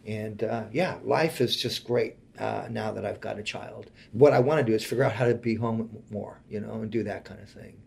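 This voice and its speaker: A man in his forties, a guest in an interview, telling a personal story in an earnest, heartfelt way that often sinks to a quiet voice. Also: on the low side, fairly even intonation, normal speed, vocal fry, few pauses.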